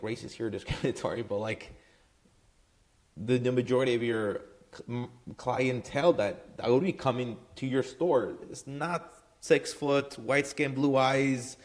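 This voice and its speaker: This is a man with an ordinary mid-range voice, running a marketing business and handing out advice in an offhand, conversational way. He keeps checking in with "right?" and leans on fillers like "um" as he goes. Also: medium pitch. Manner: loose and conversational, full of "right?" and "um". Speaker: marketing agency owner giving advice. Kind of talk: casual talking-head advice.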